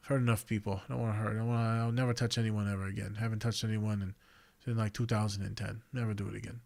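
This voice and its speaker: A man hosting a podcast, a counselor talking in a blunt, profane and animated way that swings from loud outbursts to quiet reflection. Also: on the low side, racing, gravelly. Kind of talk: casual monologue.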